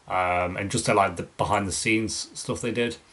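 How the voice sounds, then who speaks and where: A man's voice: fairly low pitch, steady tone, normal speed, a bit bright. A young man, hosting a casual Q&A for his reaction channel, answering viewer questions in a loose, rambling way with many fillers and restarts. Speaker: YouTube reaction channel host.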